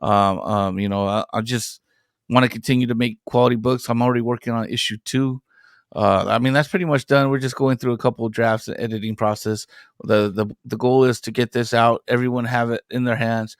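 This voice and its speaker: A young man, a comic book creator and podcast guest, telling stories in an animated way with lots of swearing. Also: medium pitch, fairly quick, clean tone, no room sound, studio quality. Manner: animated storyteller, swears freely. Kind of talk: casual chat.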